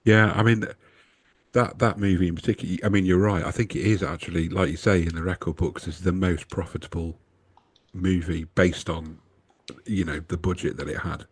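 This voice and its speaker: A man's voice: sits low, steady tone, moderate pace, slightly rough. A man co-hosting a podcast, talking in a rambling, casual way, often stopping and restarting his sentences and swearing freely. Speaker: podcast co-host. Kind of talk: casual chat.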